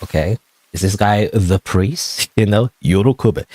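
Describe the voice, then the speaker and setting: A man's voice: on the low side, unhurried, darkish tone, dry recording. A man casually commenting on a game while streaming, rambling and often unsure of himself. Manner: rambling, unsure, self-questioning.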